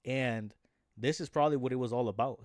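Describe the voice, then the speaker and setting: A man rambles casually at a close mic, circling back with fillers and restarts. His voice sits mid-pitched, and the recording is dry with no room sound. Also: a little fast, darkish tone, dry recording. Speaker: MMA commentary YouTuber. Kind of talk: casual talk.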